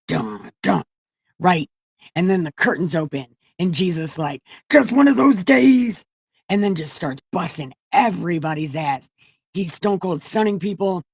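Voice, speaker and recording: A woman's voice: deep voice, darkish tone, no echo, studio quality. A woman reading scripture aloud for comedy, breaking off into profane, mocking asides and interrupting herself as she goes. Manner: loose, self-interrupting delivery. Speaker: comedic Bible reader. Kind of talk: irreverent scripture reading with commentary.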